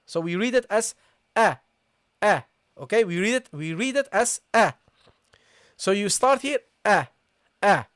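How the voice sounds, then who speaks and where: A recitation teacher giving a live online tajweed lesson, who explains patiently, often checks in with the class, addresses listeners casually, and slowly repeats the sounds being taught. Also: medium pitch, no echo, clean studio sound.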